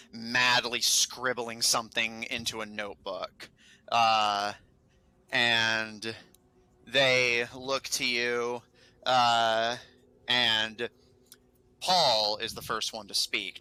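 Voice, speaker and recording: Bright-voiced man running a tabletop game. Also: mid-range voice, smooth, no room sound. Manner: hesitant, many fillers. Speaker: game master.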